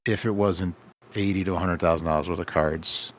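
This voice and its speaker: A man's voice: low-pitched, fairly even intonation, a little fast, a little hiss or hum. A man who owns a game store, telling rambling anecdotes on a casual podcast and acting out the dialogue.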